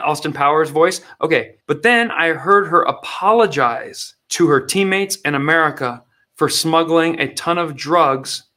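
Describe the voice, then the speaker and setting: A man's voice: a little high, pushed and bright. A man hosting satirical political commentary in a mocking, sarcastic way. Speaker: comedy host.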